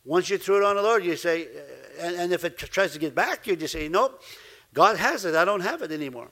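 High, bright-voiced man preaching a sermon. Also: fairly quick, gravelly. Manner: lively, laughing asides, acts out quoted voices. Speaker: pastor.

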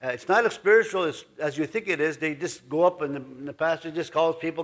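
A man's voice: on the high side, fast, fairly bright tone. A man pastor giving a folksy, rambling sermon in his church, full of asides. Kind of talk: conversational sermon.

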